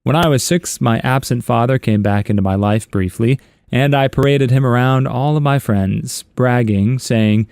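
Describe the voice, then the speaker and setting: A man's voice: medium pitch, normal speed, darkish tone, clean tone, no echo. Wry man reading stories, dry sound. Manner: chuckling, wry asides between stories. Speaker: story narrator. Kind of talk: reading internet stories aloud.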